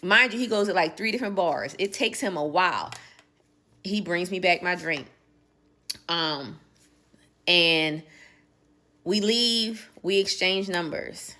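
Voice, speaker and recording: Lively storytelling woman in her forties. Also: lowish voice, slow pace, pauses often. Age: 40s. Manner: animated, emphatic, acts out dialogue. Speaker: social media poster. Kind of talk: casual storytelling clip.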